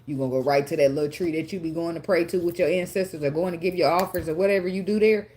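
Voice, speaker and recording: A woman's voice: on the low side, very fast, heavy background noise. A woman, giving a casual tarot reading in a chatty way, swearing, laughing often and getting emotional. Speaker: tarot reader.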